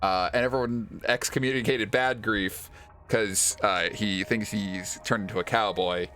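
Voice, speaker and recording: A man's voice: fairly low pitch, steady tone, unhurried, pushed and bright. A man streaming a video game, chatting casually with rambling, self-deprecating asides and frequent laughs.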